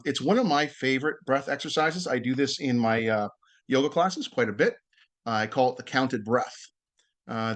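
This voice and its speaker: A man's voice: mid-range voice, fairly bright tone. A man giving a casual online talk as a yoga teacher, friendly and loose, with many fillers and restarts, and guiding a breathing exercise over a video call. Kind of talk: casual presentation with guided breathing.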